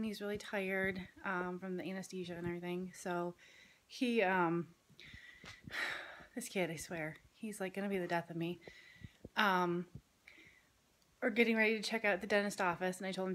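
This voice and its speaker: A woman's voice: mid-range voice, fairly bright tone. Woman vlogger, chatty family-channel mom, rambling storytelling with ums, faint hiss behind. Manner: chatty storytelling with many fillers. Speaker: vlogger, mother. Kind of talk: casual family vlog chat. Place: home, partly outdoors in a yard.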